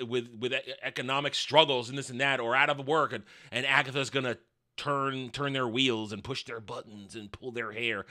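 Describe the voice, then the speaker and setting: A man's voice: on the high side, sharp tone. A man reviewing a TV episode in a casual, rambling rant, sarcastic, exasperated and crude. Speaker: TV show reviewer.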